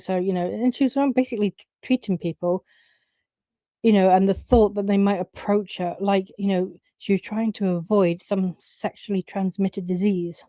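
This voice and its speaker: A woman's voice: mid-range voice, fairly even intonation, normal speed, dark tone, dry recording. A woman giving casual opinion commentary, blunt and opinionated, swearing and using lots of fillers.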